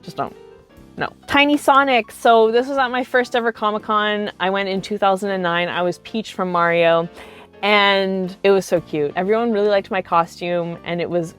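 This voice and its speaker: A woman in her thirties, a cosplay vlogger, shares casual storytime anecdotes about cosplay, chatty and animated and leaning hard on the filler "like." She speaks at medium pitch and moderate pace, with soft music in the background.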